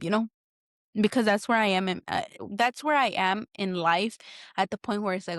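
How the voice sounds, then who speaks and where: A woman's voice: medium pitch, moderate pace, dry recording, clean studio sound. A woman, hosting a candid solo podcast, talking bluntly and heatedly and swearing often. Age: 20s. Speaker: podcast host.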